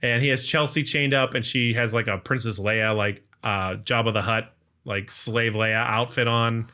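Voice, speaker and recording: A man co-hosting a podcast, recapping a film in a rambling casual way, full of "like" and quick acted-out lines. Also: mid-range voice, fairly even intonation, pushed and bright. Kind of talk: casual chat.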